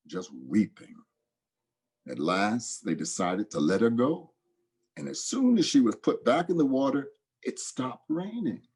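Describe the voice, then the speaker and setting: A man tells old folk tales aloud with a dramatic, lively delivery. His voice is husky, mellow and warm. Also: fairly low pitch. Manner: dramatic, expressive storytelling. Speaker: storyteller.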